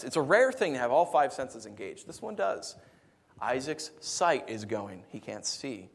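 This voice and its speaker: A middle-aged married man preaching a sermon, animated and rhetorical with a humorous streak. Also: medium pitch. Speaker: pastor.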